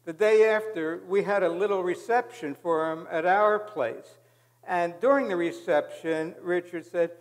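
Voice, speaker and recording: A man's voice: sits high, measured pace. A man interviewing a guest on stage, chuckling often and adding quips between questions. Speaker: interviewer, event host. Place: stage in a large hall. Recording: reverberant hall.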